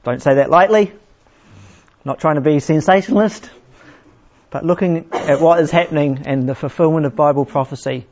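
Man, pastor preaching a sermon, higher voice, conversational, lo-fi muffled sound. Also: a little mellow. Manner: conversational, with frequent restarts and slow emphatic scripture reading. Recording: dull lo-fi sound.

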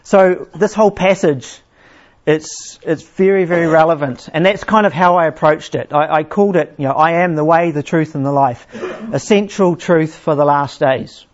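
A man preaching a sermon in a conversational way, restarting phrases often and slowing down to read scripture with emphasis. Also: a little high. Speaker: pastor. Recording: dull lo-fi sound.

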